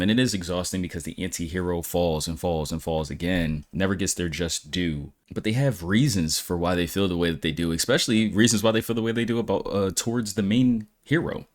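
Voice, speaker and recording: A man hosting a music reaction video, talking casually and reflectively with frequent restarts. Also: deep voice.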